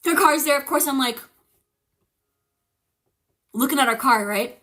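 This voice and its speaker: A young woman streamer casually telling a ghost story, animated and swearing, acting out the quotes. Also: sits high, measured pace.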